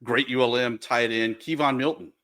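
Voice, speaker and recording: A male podcast host with a bright, forceful tone chats easily with his co-host. He tells a quick locker-room anecdote and wraps up the episode with an easygoing manner at a mid pitch. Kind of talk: casual podcast chat.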